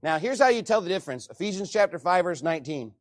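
A man preaching a sermon as pastor, animated, often reading scripture aloud to the congregation. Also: high voice, fast.

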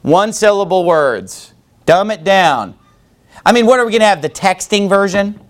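A man preaching a sermon to his congregation, sarcastic and mocking, with quick asides. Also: sits high, lively intonation. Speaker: pastor. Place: church building with congregation.

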